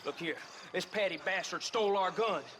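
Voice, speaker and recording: An actor playing a menacing, taunting bounty hunter in a western game. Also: male voice, high-pitched, moderate pace, a bit bright, slight background noise.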